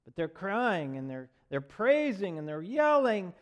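A man preaching a sermon, swinging from loud proclaiming to hushed, tender lines. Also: high-pitched, sing-song, a little slow, hardly any pauses. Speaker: pastor.

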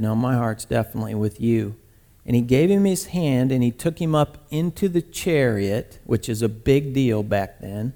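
A man preaching a sermon, retelling a scripture story in a lively, conversational way with sudden loud bursts. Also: medium pitch. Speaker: pastor.

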